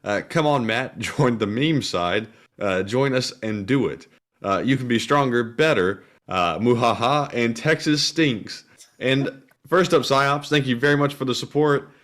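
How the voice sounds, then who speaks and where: A man's voice: mid-range voice, moderate pace, fairly bright tone. A man co-hosting a livestream, reading donor messages aloud in an easygoing, chuckling way. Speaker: livestream co-host reading donations.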